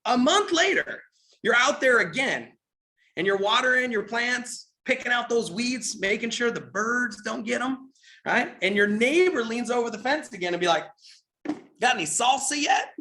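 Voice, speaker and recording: A man leading a live business training, telling an animated story and checking in with listeners. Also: extremely high pitch, normal speed. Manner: animated storytelling, keeps asking "right?". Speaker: network marketing trainer.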